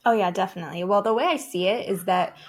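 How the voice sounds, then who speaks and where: Woman, about thirty, laid-back coach, full of 'likes', middle-pitched voice. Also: quick pace. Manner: chatty, heavy use of 'like', casual swearing. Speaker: breathwork coach guest. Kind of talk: casual podcast chat.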